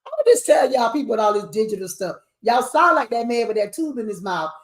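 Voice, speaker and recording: A woman, an award show CEO talking shop in a lively, preachy way. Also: a little high, fast talker. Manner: animated, preachy, sings snippets. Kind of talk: casual panel chat. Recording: echoey room.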